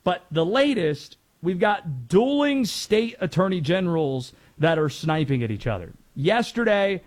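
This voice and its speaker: Chatty sports radio host, fairly high voice. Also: male voice, very animated, unhurried. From North Carolina. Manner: chatty, laughs easily, rambling asides. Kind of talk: casual sports talk.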